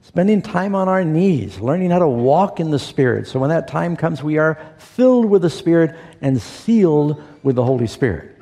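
A man's voice: a little high, sing-song, normal speed, dark tone. A man preaching a sermon to a congregation, telling a story and acting out the quotes, and asking them questions. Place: church sanctuary. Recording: long reverb of a church hall.

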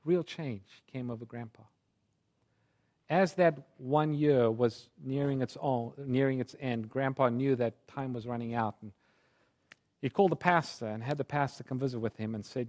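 A man preaching a sermon through a personal story, his delivery swinging from hushed tones to fervent pleading. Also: mid-range voice, normal speed.

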